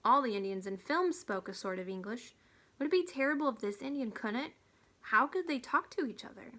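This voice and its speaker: A woman reading a children's storybook aloud, steady and hushed at tense moments. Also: fairly high pitch, brisk. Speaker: reader.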